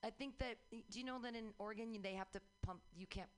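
A woman's voice: a little high, fast talker. A woman gives a comedian notes on his set. She talks in a chatty, encouraging way and tends to ramble. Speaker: comedy workshop host giving feedback. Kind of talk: casual critique.

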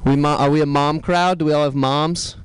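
A man doing a stand-up comedy set, telling dark jokes deadpan and tossing asides to the crowd. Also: fairly high pitch, brisk, smooth, dry recording, rough recording.

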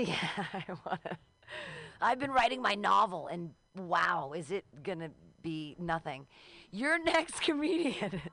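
A woman's voice: fairly low pitch, animated, normal speed, gravelly, fairly bright tone. A woman hosting a comedy open mic, joking loosely between acts.

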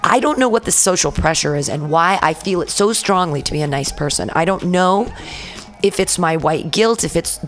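A woman host telling an animated story on a radio talk show, acting out the quoted lines. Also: lowish voice, normal speed, faint music behind. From San Francisco. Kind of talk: casual storytelling chat.

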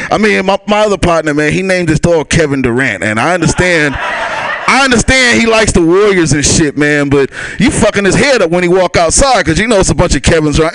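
Man, stand-up comic, small club, chuckling, loose crowd talk, lively voice, dry close mic. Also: high-pitched, brisk, no room sound. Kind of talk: stand-up comedy set. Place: small comedy club stage.

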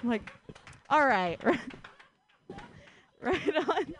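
A woman's voice: high-pitched, big pitch swings, extremely slow, a bit bright, slight background noise. A woman doing a stand-up comedy set on a stage mic, chatty and self-mocking, full of fillers. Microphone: handheld stage mic.

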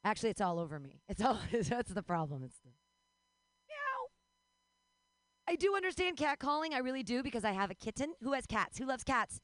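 A woman in her forties doing a rambling, self-deprecating stand-up comedy set, breaking into sudden high yelps and laughter. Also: huge pitch swings, a little fast, dry recording. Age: 40s.

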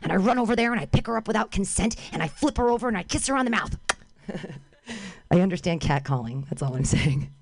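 A woman's voice: mid-range voice, animated, a little fast, a little mellow. A woman performing stand-up comedy outdoors on a street corner. She calls out to people walking past and makes fun of herself. Her voice sounds dry, with no echo. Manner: calls out to passers-by, self-mocking.

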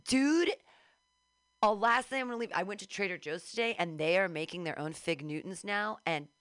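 A woman's voice: fairly low pitch, fast, fairly bright tone, smooth, dry recording, clean studio sound. A woman hosting a radio show, rambling casually, giggly and drifting into mumbles. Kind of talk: casual chat.

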